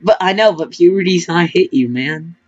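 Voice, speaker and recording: A man's voice: high voice, normal speed, muffled recording, faint music behind. A teenage boy chatting casually with a friend while playing a game, joking and trash-talking, his voice cracking often. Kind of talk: casual gaming chat.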